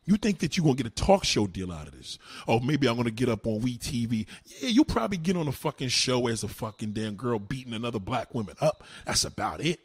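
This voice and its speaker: A man's voice: mid-range voice, big pitch swings, fast, few pauses, husky, no echo. A man doing a heated, mocking, heavily profane rant on his live stream. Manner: heated, mocking, swears constantly.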